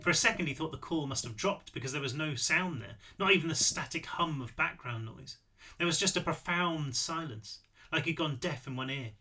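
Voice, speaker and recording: A man reads his novel aloud as narration, expressive and relaxed about small slips he corrects as he goes. His voice is bright and slightly high. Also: moderate pace. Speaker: author reading his novel. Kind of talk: audiobook read-through.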